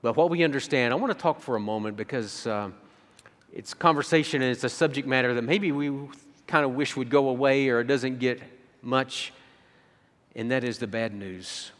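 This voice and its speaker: A male pastor gives a sermon in a conversational way, stumbling over and repeating words as he gathers his thoughts. His voice sits at an ordinary pitch. The sound carries a long reverb from a large church room. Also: moderate pace, fairly bright tone. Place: church sanctuary.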